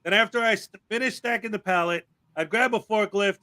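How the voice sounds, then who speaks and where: High-voiced, bright, ranting male host. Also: a little fast. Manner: ranting, sarcastic, rambling. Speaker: livestream host. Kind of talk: casual commentary chat.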